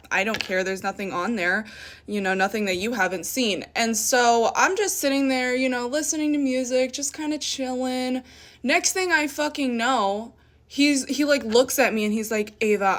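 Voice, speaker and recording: A young woman telling a personal story in a casual, animated way, swearing often and sounding indignant. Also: a little high.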